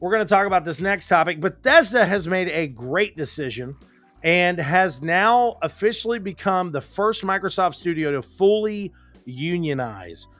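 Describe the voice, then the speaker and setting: A man co-hosting a casual gaming podcast, ranting with plenty of swearing. His voice sits a bit high and sounds dry and close to the mic. He talks from a home office in loose, excitable bursts. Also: moderate pace, no echo, soft background music. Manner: ranting, profane, animated. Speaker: podcast host.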